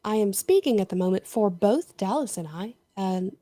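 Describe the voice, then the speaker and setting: A woman's voice: medium pitch, expressive, normal speed, mellow, no echo. A woman guest recording a short message about her favorite memories, slightly hesitant.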